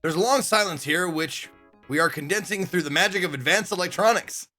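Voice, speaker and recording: A man's voice: sits high, brisk, pushed and bright, faint music behind. A man streaming an old adventure game, casually reading its text aloud with playful, chatty asides.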